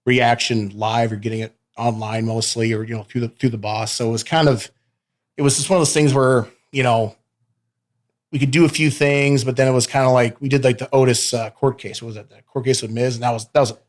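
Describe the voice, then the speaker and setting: A man's voice: medium pitch, fairly even intonation, brisk. A man being interviewed in a casual sit-down chat. He talks in a rowdy, loose way, laughs often, swears freely and calls the host "babe". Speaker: professional wrestler guest. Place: interview studio.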